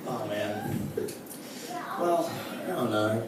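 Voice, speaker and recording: A man's voice: medium pitch, wildly swooping pitch, extremely slow, pauses often. A man doing a stand-up comedy set in a comedy club, telling crude, self-mocking stories in a casual way, with lots of "like" and "all right?". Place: comedy club stage with live audience. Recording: distant, very echoey club recording with noise. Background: audience laughter and room ambience.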